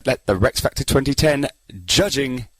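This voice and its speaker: A man's voice: mid-range voice, normal speed, poor audio. A man hosting a podcast and judging a contest, rambling with lots of fillers. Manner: rambling, hesitant, many fillers. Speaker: contest judge and podcast host.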